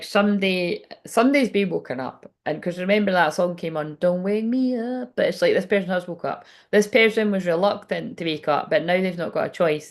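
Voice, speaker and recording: Woman doing a tarot reading, chatty and rambly, swears a lot. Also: fairly low pitch. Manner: rambling, swears freely, digresses. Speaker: tarot reader.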